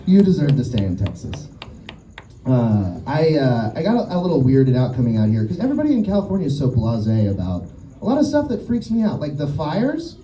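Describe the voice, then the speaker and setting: A man's voice: mid-range voice, brisk, roomy sound, recorded from a distance, slight background noise, low-quality recording. A man performing a stand-up set at an outdoor show, telling stories and acting out the people in them. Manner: animated storytelling, acts out quoted voices. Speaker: stand-up comedian.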